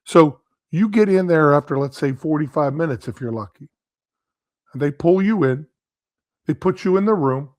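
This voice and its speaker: Guy telling a long story all chatty, kinda high voice, acts out what people said, dry sound. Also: animated, moderate pace, darkish tone, no echo. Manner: conversational, acts out quoted dialogue, tags lines with "right?". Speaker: guest expert. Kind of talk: casual storytelling talk.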